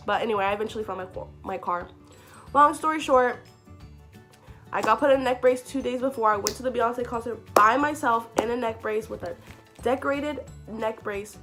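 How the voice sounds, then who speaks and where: A young woman telling a story to camera in a casual vlog, chatty and excitable, full of "like" fillers. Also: fairly high pitch, fairly quick, soft background music. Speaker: vlogger.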